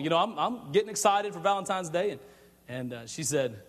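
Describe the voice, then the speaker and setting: A man preaching in a chatty, animated storytelling way, often stumbling and repeating words. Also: fairly high pitch, brisk. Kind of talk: storytelling sermon. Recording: long reverb of a large hall.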